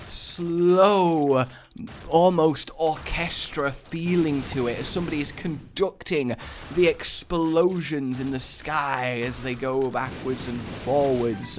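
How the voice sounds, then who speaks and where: A man hosting a gaming channel, giving excitable, gushing gameplay commentary and mimicking explosion sounds. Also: medium pitch, a little hiss or hum.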